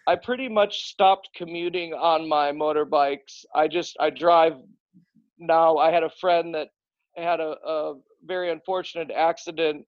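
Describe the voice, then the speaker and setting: A man's voice: on the high side, steady tone, measured pace, no echo, dull audio. A man guesting on a podcast, talking in a loose, rambling way with frequent restarts and casual swearing.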